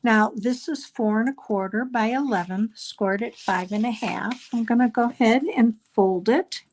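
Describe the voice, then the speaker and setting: A woman's voice: on the high side, normal speed, darkish tone. A middle-aged woman leading a live card-making class, explaining each step in a chatty way with frequent ums. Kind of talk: live crafting class demonstration.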